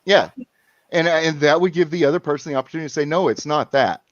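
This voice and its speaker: A man's voice: on the high side, fast talker, no echo. A man, calling in and telling a long story in casual chat, rambling with restarts and repeats. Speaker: caller. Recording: muffled lo-fi sound.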